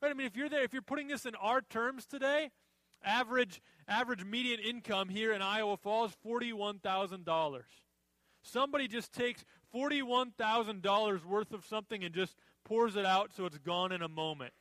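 A man's voice: high-pitched, moderate pace, fairly bright tone, no echo, rough recording. A man preaching a sermon in a conversational way, often acting out the reactions of people in the story. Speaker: pastor.

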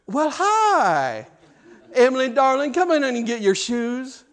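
A man playing a shrill, frazzled mother. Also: very animated, slow, heavily acted. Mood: sugary. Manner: shrill scolding, then suddenly sugary sweet. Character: frazzled mother scolding her child.

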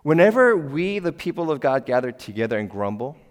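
A man's voice: mid-range voice, big pitch swings, fairly quick. A middle-aged male pastor delivers a sermon with an ordinary mid-range voice. He talks to the congregation in a conversational, emphatic way, firing questions at them. His voice carries a long reverb from a church hall. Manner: conversational and emphatic, asks the congregation questions, sudden loud exclamations. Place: church sanctuary.

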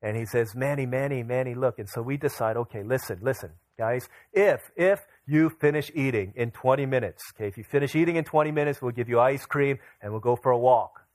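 A man's voice: mid-range voice, fairly quick, few pauses, a little mellow, dry recording. A young man pastor preaching a sermon, telling a family story and acting out his children's voices.

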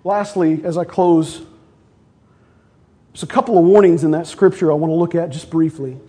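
A pastor preaching, his voice sitting high for a man. He is emphatic, dropping from ringing declarations to quiet asides. He keeps calling on the congregation to answer back. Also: fairly even intonation, moderate pace, slightly rough. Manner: emphatic, swings from loud declarations to hushed asides; calls for congregation response. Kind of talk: sermon.

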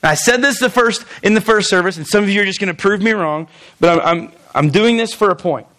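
Man preaching, high-pitched voice, animated and conversational, lots of stammered restarts. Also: quick pace. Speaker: pastor. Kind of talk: sermon.

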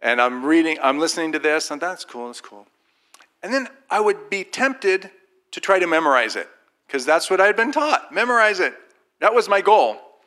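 Brief: man, bright, forceful voice, informal faith testimony, lively storyteller who mimics others. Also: on the high side, normal speed. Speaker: Christian speaker sharing a personal testimony.

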